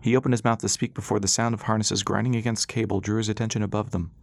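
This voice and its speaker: A man giving steady, measured scripted narration of an audiobook chapter. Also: lowish voice, vocal fry, no room sound, studio quality.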